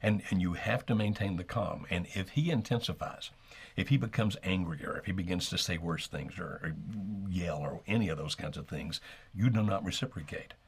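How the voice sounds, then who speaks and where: Deep raspy guy talking slow and steady, calm advice show vibe. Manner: measured, steady, models calm phrasing. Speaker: co-host giving relationship advice.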